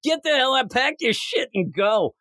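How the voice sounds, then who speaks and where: A man's voice: sits high, very animated, normal speed, creaky, bright, forceful tone, no echo, studio quality, pitched above the performer's own voice, exaggerated voice. A man reading out a young woman's lines in a raised, cheeky voice. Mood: breezy.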